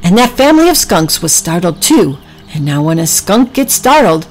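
A woman narrating a children's story with gentle, drawn-out emphasis. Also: on the low side, very animated, poor audio.

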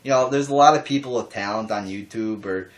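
A young man talking calmly to his camera in a casual response vlog, rambling with lots of restarts and fillers and casual swearing. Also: lowish voice, brisk. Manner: calm, even talking voice. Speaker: wrestling YouTuber.

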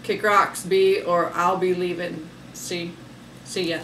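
A woman's voice: on the low side, level tone, slow pace, heavy background noise. A woman giving a casual, sassy tarot reading, talking emphatically and laughing often. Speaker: tarot reader.

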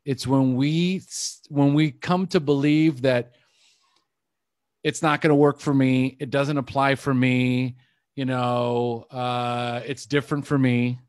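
A man's voice: mid-range voice, fairly even intonation, takes it slowly, darkish tone, dry recording, studio quality. A man coaching a group on a call, telling a candid, emotional personal story in a confessional way. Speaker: life coach.

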